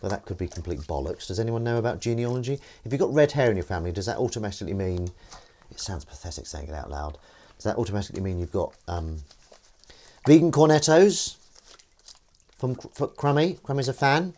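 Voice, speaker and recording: A Northern English man streams live from his kitchen while washing up, chatting and reading viewer comments playfully. His fairly low, slightly mellow voice moves fast, with big swings in pitch.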